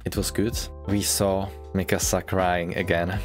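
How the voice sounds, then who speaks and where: Low, unhurried man gushing over anime. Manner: gushing, excitable, with sudden high-pitched outbursts and laughs. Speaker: anime reaction YouTuber. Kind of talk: casual reaction commentary. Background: anime music playing.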